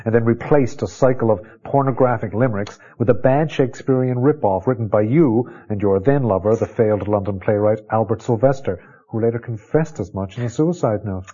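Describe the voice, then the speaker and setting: An actor playing an earnest, deferential arts radio interviewer, asking measured questions. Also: male voice, on the low side, dark tone. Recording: husky voice on a dull lo-fi recording.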